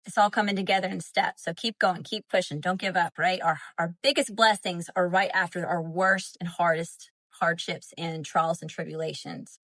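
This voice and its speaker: A woman's voice: lowish voice, fairly even intonation, normal speed, hardly any pauses, fairly bright tone, no echo. Southern woman chatting on a livestream. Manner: chatty, filler-heavy, addresses viewers as y'all. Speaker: spiritual livestream host. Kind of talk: casual livestream teaching.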